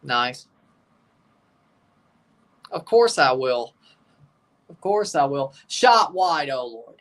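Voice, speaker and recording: A man's voice: mid-range voice, big pitch swings, extremely slow, a bit bright. A man hosting a live watchalong, chatting casually in a rambling, sarcastic way and swearing freely. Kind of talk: casual live reaction chat.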